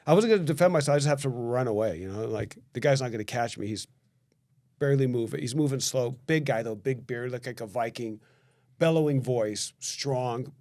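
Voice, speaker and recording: A man tells a story on a podcast, talking at an ordinary, middle pitch. He acts out the dialogue in the story and keeps restarting his phrases as the story tumbles out. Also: creaky. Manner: animated storyteller who acts out quoted dialogue; quick, repetitive restarts. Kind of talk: casual podcast chat.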